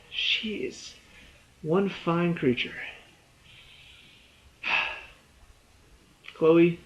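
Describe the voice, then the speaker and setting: Excitable rambling young-sounding man. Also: fairly high pitch, dull audio, a little hiss or hum. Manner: excitable, rambling, laughs often, restarts words. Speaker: TV episode reviewer. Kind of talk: excited casual review.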